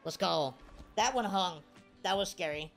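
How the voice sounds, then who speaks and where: Excitable woman streamer over game music. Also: lowish voice, a little slow. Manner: excitable, cheers and groans at plays. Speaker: gaming streamer. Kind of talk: live video game commentary.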